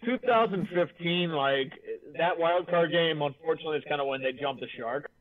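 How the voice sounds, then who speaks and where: A man's voice: on the high side, moderate pace. A man co-hosting a casual sports chat, giving blunt, profane opinions. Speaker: co-host. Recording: tinny phone-like line.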